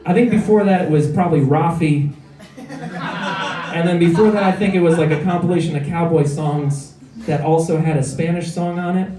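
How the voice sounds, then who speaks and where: A man's voice: fairly high pitch, steady tone, moderate pace, dark tone, distant mic. Rambling man in an echoey club. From Illinois, USA. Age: 30s. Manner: rambling, self-deprecating, many filler words. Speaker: stand-up comedian. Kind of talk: stand-up comedy set. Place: comedy club.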